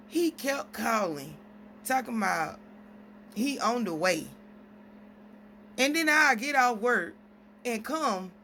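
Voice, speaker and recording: A woman's voice: a little high, fairly bright tone, a little hiss or hum. A woman venting at length in a casual vlog, rambling through stories with quoted exchanges. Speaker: single mom vlogger.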